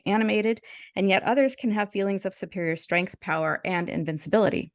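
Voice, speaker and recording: A woman's voice: medium pitch, no echo, clean studio sound. A woman co-hosting a podcast, chatting casually and reading a story aloud with small stumbles and restarts. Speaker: podcast co-host.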